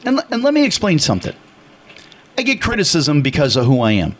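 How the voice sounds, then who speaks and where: A man from Chicago co-hosting a radio talk show, telling a story loudly and animatedly, with acted voices. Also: fairly high pitch, a little fast. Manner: loud and animated; passionate, retells dialogue with acted voices. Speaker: radio co-host.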